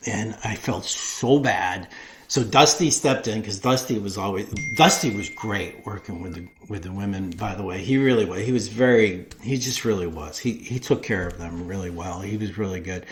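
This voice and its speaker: A man, a wrestling promo class coach, telling stories in an interview, animated and full of restarts. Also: lowish voice, normal speed, a little hiss or hum. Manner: animated storyteller with many restarts. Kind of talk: storytelling interview.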